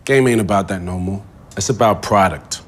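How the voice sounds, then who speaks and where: An actor with an American accent playing a cool, calculating drug boss who speaks in measured, laid-back street slang. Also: male voice, deep voice, faint music behind.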